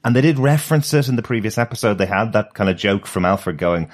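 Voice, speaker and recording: A man with a low, deep voice co-hosts a TV review podcast. He talks in a casual, fluent, explanatory way. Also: fast talker, few pauses. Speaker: podcast co-host.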